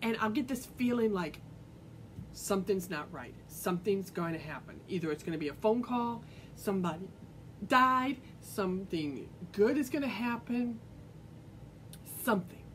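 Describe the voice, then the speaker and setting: A woman's voice: medium pitch, expressive, normal speed, slight background noise, poor audio. A woman vlogger telling a personal story to her viewers in an earnest, rambling way full of fillers and restarts. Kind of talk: casual personal storytelling to camera.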